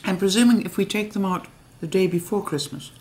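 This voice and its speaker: A woman's voice: medium pitch, fairly quick, a little mellow, slight background noise. A woman chatting casually in a home kitchen vlog, giggly and self-mocking. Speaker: home cooking vlogger.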